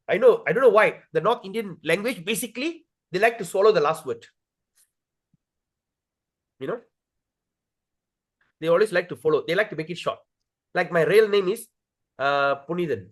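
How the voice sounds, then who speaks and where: A man leading a devotional scripture class over a video call, slowly chanting words to show their pronunciation and often checking with his listeners. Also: high voice, expressive, a bit bright. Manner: addresses listeners directly, checks with "okay?". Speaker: teacher leading a scripture study.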